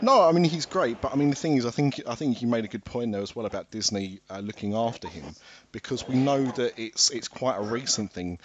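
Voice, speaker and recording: A man's voice: medium pitch, expressive, fairly quick, highs cut off, a little hiss or hum. A man from the London area with a London English accent, hosting a podcast in a casual chat full of dry, teasing humor. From England, London area. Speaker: podcast host.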